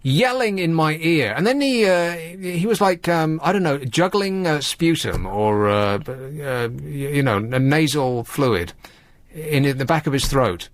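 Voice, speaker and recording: A man's voice: fairly high pitch, lively intonation, a little slow, no echo. A man hosting late-night radio, telling rambling wry stories. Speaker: radio host.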